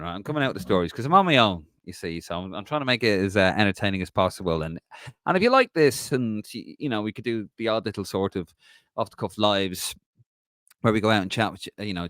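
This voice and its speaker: A low-voiced man hosts a relaxed solo live stream and talks in a rambling, chatty way. He greets viewers and reads out their comments, and the sound is dry and close to the mic. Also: no echo. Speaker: podcast host.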